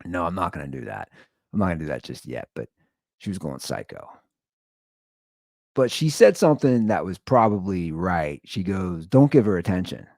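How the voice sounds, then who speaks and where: Lively, low-voiced man ranting casually. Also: moderate pace, creaky, pauses often, dry recording, clean studio sound. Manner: animated storytelling, blunt and profane. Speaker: podcast host. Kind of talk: casual monologue rant.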